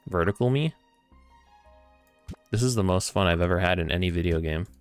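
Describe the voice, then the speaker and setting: A man streaming a video game, chatting casually, reacting excitably with swearing, laughter and mock-grand musings. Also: low-pitched, a little fast, soft background music. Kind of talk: casual gameplay commentary.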